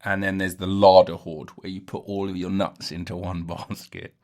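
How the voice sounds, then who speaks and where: A man's voice: sits low, level tone, normal speed, few pauses, darkish tone. Rambling, jokey man hosting a podcast. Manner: jokey, self-interrupting, laughs at own jokes. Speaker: podcast host. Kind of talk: rambling solo comedy podcast.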